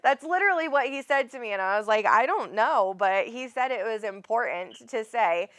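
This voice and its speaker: A woman's voice: fairly high pitch, animated, normal speed, a bit bright. A woman hosting a live psychic reading, chatty and rambling, often calling people honey. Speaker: psychic medium host.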